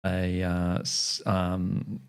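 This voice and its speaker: A man's voice: low voice, monotone, drawn-out words, clean tone. An Australian man streaming, chatting casually and telling a meandering story full of ums and uhs.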